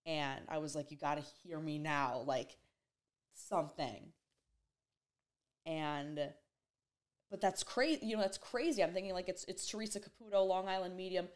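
Young female vlogger, slightly low voice, emotional and rambling delivery, casual to-camera storytelling. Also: fairly even intonation, moderate pace, long pauses. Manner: rambling and emotional, heavy use of "like".

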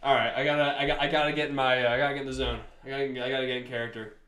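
Animated young man telling a story, echoey room. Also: mid-range voice, racing. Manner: animated, laughing, swearing, many restarts. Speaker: podcast co-host. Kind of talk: casual storytelling chat.

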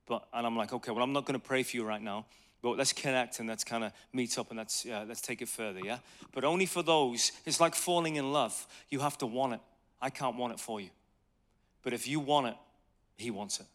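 A man in his thirties preaching a conversational sermon on evangelism, telling lively stories and asking the audience questions. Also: mid-range voice.

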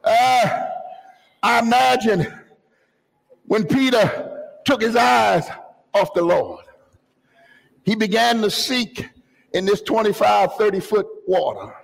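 A pastor preaching a fervent sermon, often rising to a shout and dropping into joking asides. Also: male voice, high-pitched, expressive, slow, gravelly, long pauses, long reverb tail, poor audio. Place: church sanctuary.

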